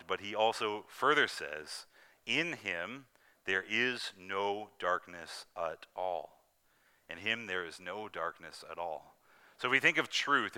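A man preaching an earnest, emphatic sermon, slowing down to stress scripture quotes. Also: deep voice, bright, forceful tone, clear, resonant tone.

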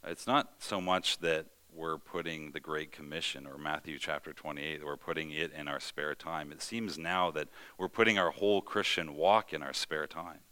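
A man preaching a sermon in an earnest way, building emphasis and slowing down for key points. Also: very deep voice, bright, forceful tone, clean tone. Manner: earnest preaching with rising emphasis and measured pauses. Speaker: pastor.

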